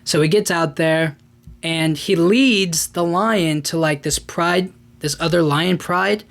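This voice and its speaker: A man's voice: on the high side, slow pace, gravelly, fairly bright tone. A man hosting a podcast, recapping a film in a casual, rambling way with lots of fillers and restarts. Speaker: podcast host.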